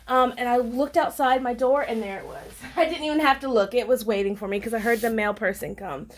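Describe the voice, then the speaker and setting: A woman chatting through an unboxing for her viewers, gushing and excitable, with frequent fillers. Her voice sits a bit high. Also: a little fast, few pauses. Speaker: planner vlogger. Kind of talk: casual unboxing chat.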